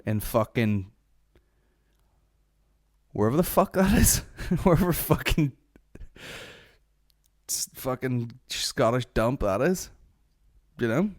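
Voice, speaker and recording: A man hosting a comedy podcast, telling stories in a rambling, profane, deadpan way. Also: on the high side, unhurried, long pauses, no room sound, studio quality. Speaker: podcast host. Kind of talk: comic podcast rant.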